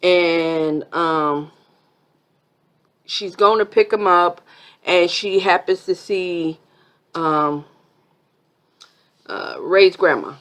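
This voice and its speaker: A woman's voice: fairly low pitch, drawn-out words, pauses often, fairly bright tone. A woman vlogger giving a chatty, sassy review of a reality TV episode, full of asides.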